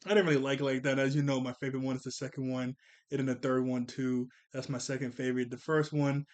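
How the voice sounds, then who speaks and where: A young man giving a casual episode review of a cartoon, chuckling often and jumping into quick character voices. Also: mid-range voice, flat delivery, darkish tone.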